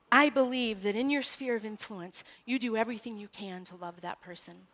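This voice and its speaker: A woman giving a devotional Bible teaching talk in a conversational, animated way, moving from soft scripture reading to loud emphatic asides. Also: a little high, a little fast. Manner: conversational, self-correcting.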